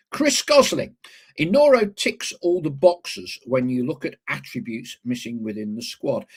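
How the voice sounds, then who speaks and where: A man hosting a casual live football podcast, reading out listener comments with chatty, wry asides between them. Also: mid-range voice.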